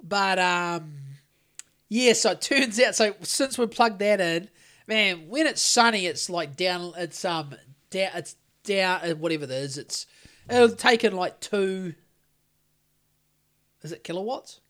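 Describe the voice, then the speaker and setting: A man's voice: high voice, measured pace, long pauses, a bit bright. An Australian man co-hosting a podcast, telling a long story in a rambling, sweary way with lots of restarts. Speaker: podcast co-host. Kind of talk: casual chat.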